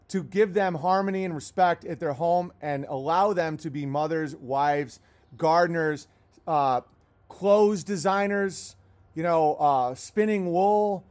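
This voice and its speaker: A high-voiced man rants loudly into the mic, hammering each point home. His talk is blunt, full of swearing, and comes in fast bursts with long lists. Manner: loud, profane, emphatic ranting. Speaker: host. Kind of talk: ranting livestream talk. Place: outdoors in his garden.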